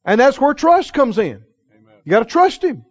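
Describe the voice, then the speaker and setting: High-voiced preacher in a lo-fi recording. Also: male voice, huge pitch swings. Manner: emphatic, call-and-response with the congregation; slows for key phrases, acts out dialogue in quoted voices. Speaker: pastor. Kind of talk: sermon. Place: church.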